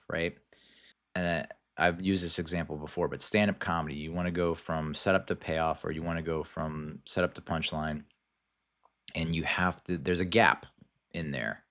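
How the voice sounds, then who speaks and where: A man's voice: deep voice, fairly bright tone. A man hosting a film podcast, talking through a movie review in a rambling, hesitant way with lots of restarts and casual swearing. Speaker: podcast host.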